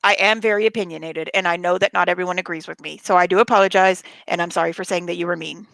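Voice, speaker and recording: Outspoken woman with a bright, dry voice. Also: on the low side, fairly even intonation, fast talker, creaky, dry recording, rough recording. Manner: outspoken and defiant, with swearing. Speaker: panel guest. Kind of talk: casual live stream chat.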